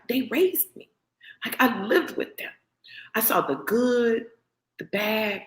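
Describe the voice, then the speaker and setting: A middle-aged woman with a slightly high voice delivers a personal motivational talk, speaking slowly with frequent pauses. She sounds earnest and keeps checking in with her listener by asking "right?" The room gives the recording a roomy echo.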